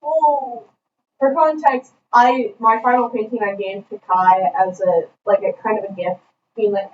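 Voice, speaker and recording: A woman's voice: mid-range voice, a little slow, darkish tone, a little hiss or hum. A young woman and art student co-hosting a podcast, telling a skateboarding story in a playful, slangy way. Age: young adult. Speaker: podcast co-host. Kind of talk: casual storytelling chat. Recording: echoey room, distant mic, dull lo-fi sound.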